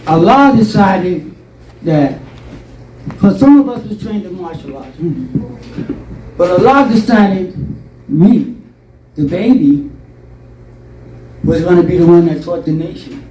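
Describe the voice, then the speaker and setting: An older man telling stories in an interview, animated and rambling, acting out voices from his past. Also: high-pitched, slow, long pauses, far from the mic, a little hiss or hum. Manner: rambling, animated storytelling with acted quotes. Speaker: interview guest. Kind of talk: storytelling interview. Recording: roomy, from off-mic.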